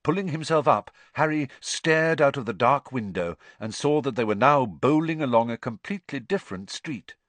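A man narrating an audiobook in an expressive storytelling manner. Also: mid-range voice, normal speed, hardly any pauses, no echo.

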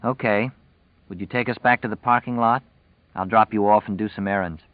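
A man voicing a sharp-tongued young pregnant woman, cool and sarcastic in her replies. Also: lowish voice, fairly even intonation, brisk, no echo, narrow, tinny audio, lightly acted. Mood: firm.

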